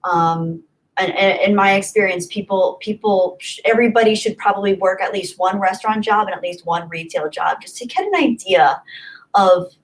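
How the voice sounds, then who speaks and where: A young livestream host speaks at normal speed with a medium-pitched voice over a rough recording. She rambles casually through viewer comments and repeats herself often.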